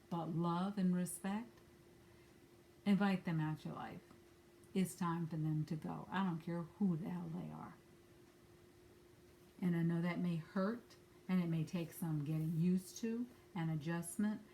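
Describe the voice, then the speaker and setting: A woman with a slightly low voice gives an angel-card reading in a frank, chatty way. She swears casually and drops friendly asides as she speaks from home. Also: dark tone, slight background noise. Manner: candid, blunt, swears casually. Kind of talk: spiritual guidance talk. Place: at home with a dog nearby.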